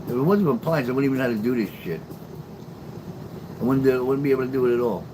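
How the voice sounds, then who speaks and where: A middle-aged man talking loosely to his livestream chat late at night, sarcastic and quick to swear. His voice sits at an ordinary pitch. A constant hum of background noise runs under the recording. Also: expressive. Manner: talks back to chat, profane and sarcastic. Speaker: live streamer.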